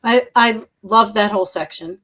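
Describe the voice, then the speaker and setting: A middle-aged woman hosts a chatty interview, her voice jumping up and down as she tells a story. She laughs often and slips into quick impressions of the people she quotes. Her pitch sits in an ordinary middle range. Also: fairly bright tone. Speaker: podcast host. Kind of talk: casual interview chat.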